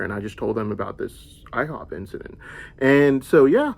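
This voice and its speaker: A young man from the United States speaks in a rambling personal monologue. His middle-pitched voice has a gravelly, creaky edge. He drifts from point to point, peppering his story with "like.". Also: animated, fairly quick, a little mellow. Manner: meandering storytelling, heavy use of "like".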